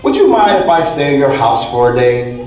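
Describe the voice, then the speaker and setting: Brief: man voicing a pushy but cheerful little bug, high lively voice, distant and roomy. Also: brisk, natural voice. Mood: breezy. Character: small cheerful male bingo bug, pushy houseguest. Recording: echoey hall from far off, faint noise.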